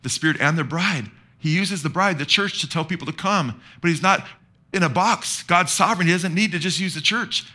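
Pastor, male, bright and forceful, slightly high voice, preaching with call-and-response. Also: brisk. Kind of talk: sermon.

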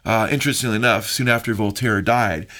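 A man's voice: on the low side, fairly even intonation, brisk, sharp tone. A middle-aged man hosting a Christian radio talk show, speaking in an earnest preaching tone with many fillers. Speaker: radio show host and pastor.

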